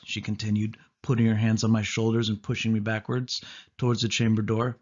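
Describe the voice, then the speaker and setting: Husky man reading a children's book aloud. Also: lowish voice, fairly quick. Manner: steady first-person narration. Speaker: audiobook reader. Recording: dull lo-fi audio.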